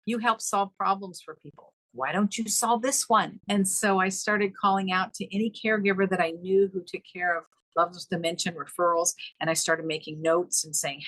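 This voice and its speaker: Low-voiced woman telling an emotional story. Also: no room sound, rough recording. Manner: animated, acts out quoted dialogue with pitch leaps. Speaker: podcast guest.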